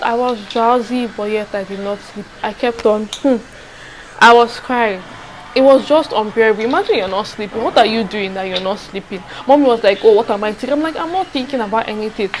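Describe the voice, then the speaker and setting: A woman's voice: fairly high pitch, noisy background. A young woman tells a personal story in a casual, rambling, confiding vlog, repeating herself and checking in with her listeners. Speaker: vlogger.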